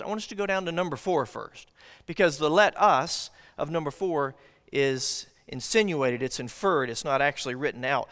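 Male pastor, sermon delivery, earnest with emphatic build-ups; bright, high-ish voice; long church-hall reverb. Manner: earnest preaching, rising emphatic on key lines. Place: church sanctuary.

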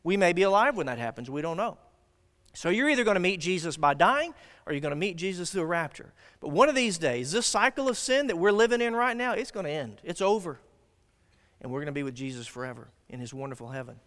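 A man preaching a sermon as pastor, swinging from loud declarations to hushed asides. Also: sits high, lively intonation, fast, big-room sound.

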